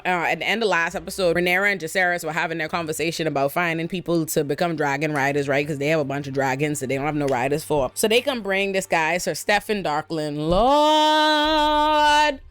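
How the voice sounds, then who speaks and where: A woman hosting a casual TV episode breakdown, talking in an animated, slangy, profane way with frequent exclamations. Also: fairly low pitch. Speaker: show recap host.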